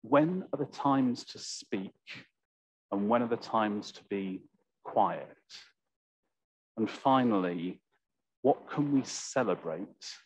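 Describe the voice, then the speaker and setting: A man preaching a sermon in church, slow and reflective, with a slightly croaky voice. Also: deep voice, a little hiss or hum. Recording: dull, lo-fi church recording.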